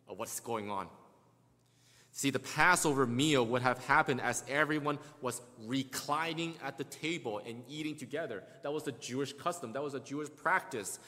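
A man delivers a sermon and walks through scripture step by step, often restarting his words and voicing the quoted lines. His voice sits at a middle pitch. Long reverb from the hall trails every phrase. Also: moderate pace, sharp tone. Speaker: preacher.

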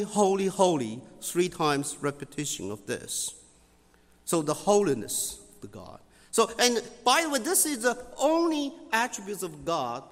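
A man teaching scripture in sermon style, halting with many fillers and repeating key phrases for emphasis. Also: sits high, a bit bright, big-room sound.

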